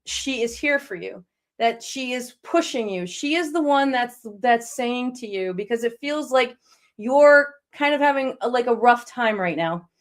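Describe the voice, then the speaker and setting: A woman's voice: fairly high pitch, lively intonation, a little slow. A woman hosting a live online psychic reading, talking to callers in a reassuring, encouraging way. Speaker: psychic medium host.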